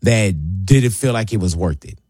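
A man hosting a radio interview, relaxed and affirming, with loose slang. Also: deep voice, moderate pace, husky, dry recording, clean studio sound. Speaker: radio show host. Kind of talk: casual interview chat. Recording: loud crowd noise behind.

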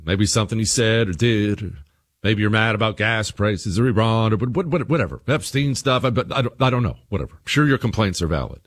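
A man's voice: animated, brisk. Emphatic male talk radio host. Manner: emphatic, repeats phrases, swings between low asides and raised points.

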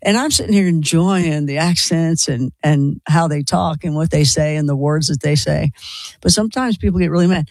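A man's voice: on the high side, lively intonation, a little mellow, no echo, poor audio. A male radio call-in host with a slight Kentucky accent, chatting with callers in an enthusiastic, talkative way. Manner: chatty, enthusiastic, quick asides. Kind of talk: casual call-in radio chat.

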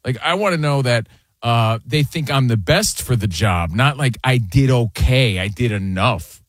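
Male sports radio co-host, animated ranter, lively slightly high voice, dry close sound. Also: measured pace, no echo. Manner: animated, ranting, overthinks and acts out quotes. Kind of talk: casual sports talk.

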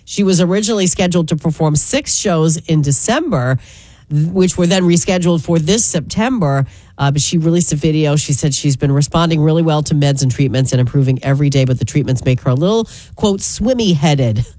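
A woman's voice: low-pitched, a little fast, mellow, dry recording. A woman radio host chatting casually through celebrity news, with fillers. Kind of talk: casual entertainment news chat.

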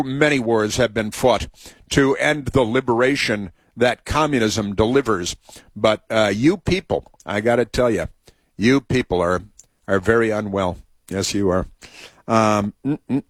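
A man's voice: medium pitch, no echo. A man hosting a talk show, telling a meandering story full of restarts and asides, then moving on to political commentary.

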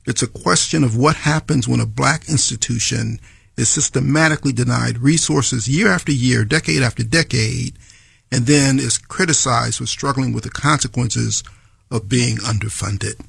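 Gravelly radio talk host, dry studio sound. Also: male voice, mid-range voice, moderate pace, a bit bright, no echo. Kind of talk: radio interview.

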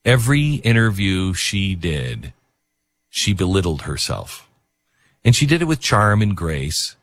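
A man's voice: deep voice, sing-song, measured pace, a bit bright, no echo, clean studio sound. A man hosting a talk radio show, rambling in casual commentary with many fillers and restarts.

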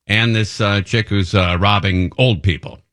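A man's voice: on the low side, steady tone, measured pace, fairly bright tone. A middle-aged man hosting a radio show, telling anecdotes in an easygoing, rambling way and correcting himself as he goes. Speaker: radio host. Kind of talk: casual chat, anecdote telling.

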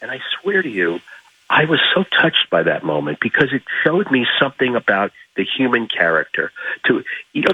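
A man from Miami, a guest in an interview, telling anecdotes in an animated way and restarting his phrases. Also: low-pitched, husky, dry recording, phone-quality sound. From Miami, United States. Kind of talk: storytelling interview.

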